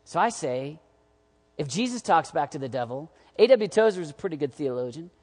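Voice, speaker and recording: A man preaching a sermon to young adults, animated and jokey, swinging from loud urging to quiet asides. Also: fairly high pitch, fairly quick. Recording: long hall reverb.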